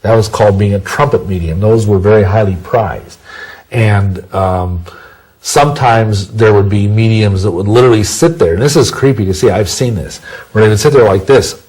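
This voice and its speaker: Guy rambling through interview answers, husky voice, keeps correcting himself. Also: on the low side, normal speed, a little mellow, rough recording. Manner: rambling, self-correcting, folksy sayings. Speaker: interview guest.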